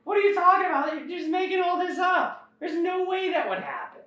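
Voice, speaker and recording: A man voicing a disbelieving male recluse who mocks what he hears in a high, incredulous voice. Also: expressive, fairly quick, sharp tone, full character voice. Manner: high-pitched, incredulous and mocking. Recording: echoey room, far from the mic.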